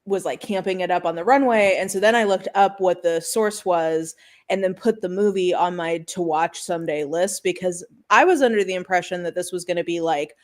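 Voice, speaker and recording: Rambling low-voiced woman in a book chat. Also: brisk. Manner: rambling, animated storyteller. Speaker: book club member. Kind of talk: casual book club chat.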